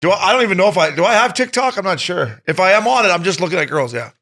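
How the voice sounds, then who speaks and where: A man co-hosting a podcast, talking fast and swearing in crude casual chat. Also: sits high, lively intonation, bright, forceful tone. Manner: fast, profane, laughing often. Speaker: podcast co-host.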